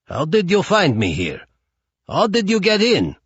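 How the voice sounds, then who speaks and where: Guy doing a hot-tempered fat mobster, higher and louder, husky and slow, dull audiobook sound. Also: huge pitch swings, dry recording, exaggerated voice. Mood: pleading. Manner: shouting, blustering and pleading. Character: volatile middle-aged Russian mobster, overweight, hot-tempered.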